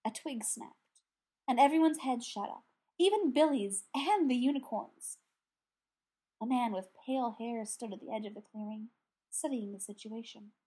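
Woman narrator, audiobook, breathy and somewhat high. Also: moderate pace, warm tone.

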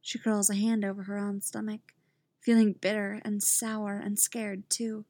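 A woman narrating a story aloud in a calm, even reading voice. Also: medium pitch, a little slow, no echo. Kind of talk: reading fan fiction aloud.

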